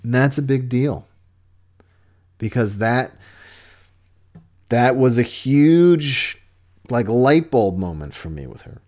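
A man's voice: mid-range voice, animated, slow pace, long pauses, a little mellow. Earnest man giving relationship advice. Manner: earnest, conversational, with frequent restarts. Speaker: podcast host.

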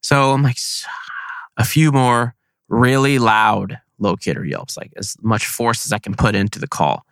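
A man casually telling a hunting story on a podcast, animated and slangy, acting out his own thoughts. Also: medium pitch, normal speed, dry recording.

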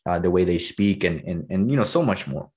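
Energetic fast-talking young man, low voice. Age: early 20s. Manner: energetic, animated, laughs often. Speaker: salesperson. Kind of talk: casual conversation.

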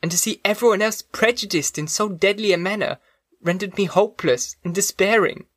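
A man's voice: sits high, a little fast, no echo, voice pushed up. An earnest young woman, grieving yet clinging to hope, pleads with feeling in an audiobook reading, as a man raises his voice to play her. The sound is close and dry, with no room around it. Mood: pleading. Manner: pleading, emotional.

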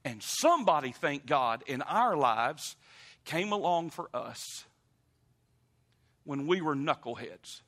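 A man preaching a sermon, emphatic and animated, speaking straight to the congregation. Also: fairly high pitch, slow, pauses often. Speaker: pastor.

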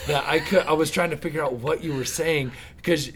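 A man's voice: fairly high pitch, fairly quick, a crowd in the background. A man hosting a podcast, asking his guests curious questions in casual chat. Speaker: podcast host.

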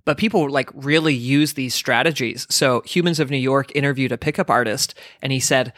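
A man's voice: mid-range voice, brisk, fairly bright tone, no room sound, studio quality. Sarcastic man laughing through a chat. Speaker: podcast co-host. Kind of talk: casual comedic book podcast.

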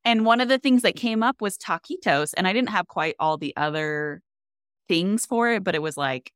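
A woman's voice: medium pitch, animated, moderate pace, clean tone, no room sound, studio quality. A young woman co-hosting a food podcast, chatting in an upbeat, enthusiastic way. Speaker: podcast co-host. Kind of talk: casual chat.

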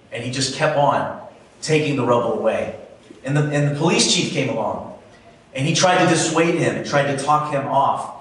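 A man's voice: mid-range voice, a little fast. A man preaching a sermon, telling stories in an earnest, conversational way with some fillers. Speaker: pastor. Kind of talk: sermon storytelling. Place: church hall. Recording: very echoey room, mic far off.

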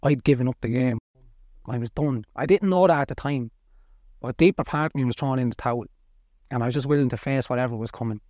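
A middle-aged Irish man speaks plainly and earnestly as a guest, his words blunt and everyday. His voice sits at an ordinary male pitch. It is recorded close and dry, with no room sound. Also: quick pace, a little mellow, no room sound. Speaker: podcast guest. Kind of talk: candid personal storytelling.

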